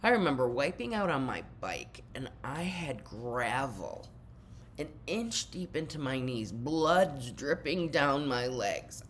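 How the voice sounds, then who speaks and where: An older woman with a very deep voice speaks directly to her viewers in an earnest spiritual vlog talk. A faint hiss sits behind her. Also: lively intonation, unhurried. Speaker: spiritual teacher.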